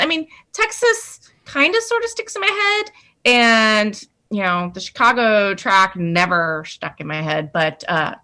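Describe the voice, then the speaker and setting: A woman chatting as a podcast guest, animated and quick to poke fun at herself. Her voice is bright and sharp, sitting in a middle range. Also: mid-range voice. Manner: animated and self-deprecating. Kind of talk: casual chat.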